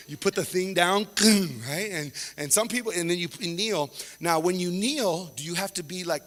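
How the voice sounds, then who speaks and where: A man performing stand-up comedy, animated, acting out quoted voices and swinging from loud to hushed. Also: high-pitched, in a large hall.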